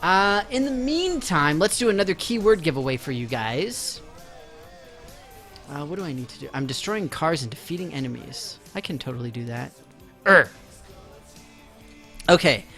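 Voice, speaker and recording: A man's voice: fairly high pitch, pushed and bright. A man live-streaming a video game, chatting casually and mocking himself to his viewers while he plays.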